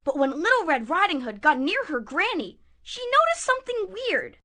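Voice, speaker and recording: A woman narrating a puppet show fairy tale in a playful, expressive way. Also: extremely high pitch, moderate pace.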